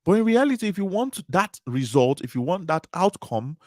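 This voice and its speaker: Brief: higher-voiced male motivational speaker, repetitive emphatic delivery, dry close sound. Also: very animated, normal speed, dry recording. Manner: repetitive, emphatic preaching cadence. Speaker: conference speaker. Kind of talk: motivational talk.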